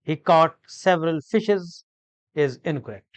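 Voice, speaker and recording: Slow, deliberate man teaching grammar. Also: a little high, lively intonation, no echo. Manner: slow, deliberate, repetitive explanation with many hesitations.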